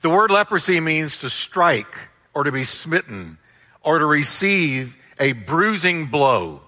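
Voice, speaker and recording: A man's voice: a little high, big pitch swings, slow, sharp tone, big-room sound. A man preaching a sermon as pastor, with emphatic delivery and call-and-response with his congregation.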